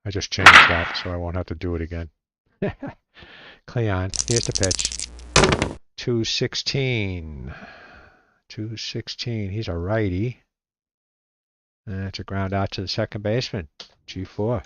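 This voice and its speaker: A man playing a solo tabletop baseball game, reading out dice rolls and calling the plays in a relaxed, halting way, muttering to himself as he looks things up. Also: deep voice, very noisy. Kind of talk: casual play-by-play while rolling dice.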